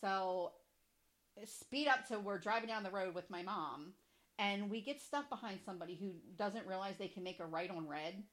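A young adult woman hosts a podcast in a loose, casual chat. She swears freely and laughs easily as she tells her stories. Her pitch sits in a middle range. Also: moderate pace, a bit bright. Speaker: podcast host.

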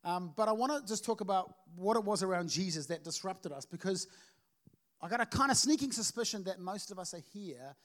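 A man with a notably high voice preaches to his church, telling stories with lots of energy. He keeps restarting his sentences as the thoughts tumble out. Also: fairly quick. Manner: storytelling, energetic with frequent restarts. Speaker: pastor. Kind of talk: sermon. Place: church service.

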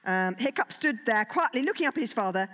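A woman's voice: fairly high pitch, expressive, fast talker, fairly bright tone. A woman, a children's author, giving a chatty, digressive talk to children, with many fillers. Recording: long hall reverb.

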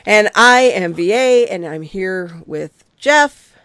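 A woman hosting a casual fan podcast, talking in animated, rambling bursts with laughing asides. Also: medium pitch, slow, smooth, no echo, studio quality. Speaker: podcast host.

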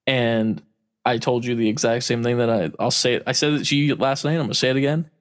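A man's voice: medium pitch, steady tone, fast. A man in casual chat, telling a story with frequent laughs and casual swearing.

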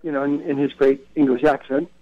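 On a dull, lo-fi radio broadcast, a co-founder of a record retail event talks casually as an interview guest. His mid-range voice is flat and fairly quick. He tells his stories in an anecdotal, chatty way, with plenty of self-corrections.

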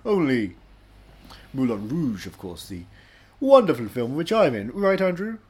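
A man's voice: medium pitch, wildly swooping pitch, measured pace, a little mellow, breathy edge, full character voice. A man voicing a pompous, self-important male actor who talks in a grand, theatrical way and laughs at himself.

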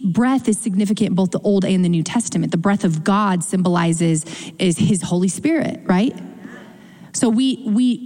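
A young adult woman pastor preaching a sermon, expressive, slowing down for emphasis and speeding up in quick asides. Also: lowish voice. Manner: expressive, shifts between slow emphatic phrasing and quick asides. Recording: long hall reverb.

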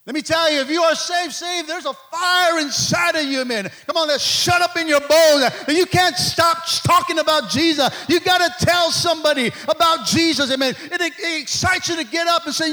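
Middle-aged man preaching, high voice, lots of repeating and calling out. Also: normal speed, few pauses. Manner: preachy call-and-response, repeating words, shouting at peaks. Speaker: pastor. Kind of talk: sermon.

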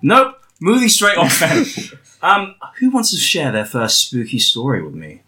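Comedy podcast host, a man with a bright, animated voice who teases his guests playfully. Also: a little high, measured pace. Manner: playful, teasing, steers the chat. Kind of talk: casual comedic group chat.

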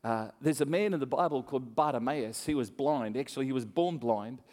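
Animated preacher in a reverberant hall. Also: male voice, medium pitch, a little fast. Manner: animated storytelling, acts out voices, laughs often. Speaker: pastor. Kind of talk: sermon.

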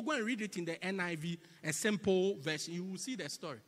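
A male preacher delivering a sermon in a church, swinging between loud emphatic cries and hushed whispers and repeating phrases in a call-and-response rhythm. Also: high-pitched, expressive, fast, few pauses, big-room sound. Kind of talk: sermon with congregational prayer.

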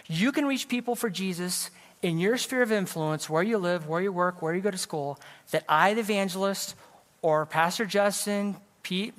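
A man's voice: high-pitched, fairly bright tone, long reverb tail. A middle-aged man from California, preaching as an evangelist and telling a personal story in a conversational way with self-deprecating jokes. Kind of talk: sermon. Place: church sanctuary.

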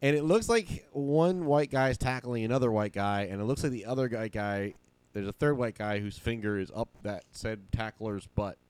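A man's voice: fairly low pitch, normal speed, a little mellow, clear, resonant tone, no room sound. A man co-hosting a comedy podcast in casual banter, wry and dry, chuckling between remarks. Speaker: podcast co-host. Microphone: studio microphone.

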